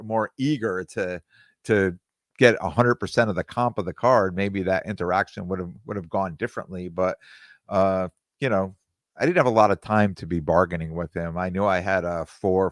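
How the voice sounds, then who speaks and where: A man with a very low voice tells a long story in a rambling, conversational way. He restarts often and acts out bits of dialogue. The recording is dry and close, with no room sound. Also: no room sound. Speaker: podcast host. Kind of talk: casual storytelling monologue.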